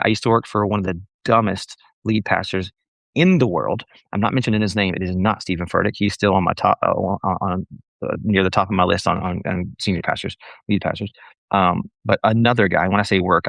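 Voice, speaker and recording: Speaking to church leaders on a live stream, a man with a fairly low, gravelly voice is blunt and sarcastic. He rambles off on tangents and corrects himself mid-sentence. The sound is close, dry, and a bit bright, with no room sound.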